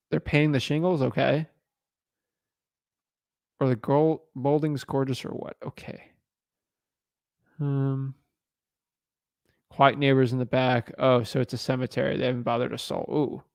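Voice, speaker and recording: Gravelly-voiced man thinking aloud. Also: medium pitch, no room sound, clean studio sound. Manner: thinks aloud with fillers, upbeat on the phone. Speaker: real estate wholesaler cold calling. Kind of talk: casual live commentary and cold call.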